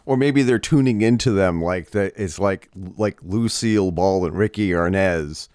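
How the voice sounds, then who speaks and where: A man co-hosting a podcast in casual chat, animated and tripping over restarts when excited. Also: low voice, normal speed, no room sound, clean studio sound. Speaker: podcast co-host.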